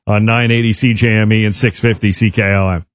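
A man's voice: lowish voice, level tone, a little fast, no echo, clean studio sound. A man hosting a radio sports talk show in an easygoing, joking way. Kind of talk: casual radio chat.

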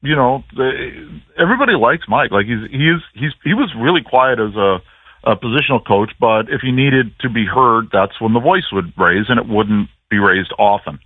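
A man calls in over a tinny, narrow phone line. He is a chatty sports broadcaster, telling animated stories with a self-mocking streak. The sound is dry, with no room around it. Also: mid-range voice, moderate pace, no room sound. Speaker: play-by-play broadcaster, phone guest. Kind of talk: casual radio interview.

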